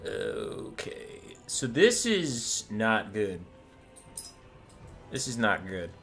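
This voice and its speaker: Young man, sick, casual game-stream chat, rambling, bright tone, animated pitch. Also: extremely slow, soft background music. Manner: rambling, swings to cooing baby talk over pet photos. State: sick, stuffy. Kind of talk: casual gameplay chat with viewers.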